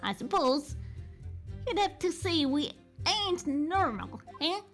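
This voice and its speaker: A woman voicing a rough, working-class male London petty crook with a put-on Cockney accent, slangy and cheeky. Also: very high-pitched, big pitch swings, slow, faint music behind, exaggerated voice.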